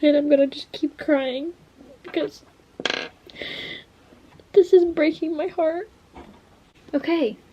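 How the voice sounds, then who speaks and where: A woman's voice: high-pitched, fairly even intonation, slow, pauses often, highs cut off, a little hiss or hum. A young woman vlogging from her bedroom, tearful and emotional, gushing about a book and swearing casually. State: tearful, has been crying. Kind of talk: casual vlog chat. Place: at home, bedroom.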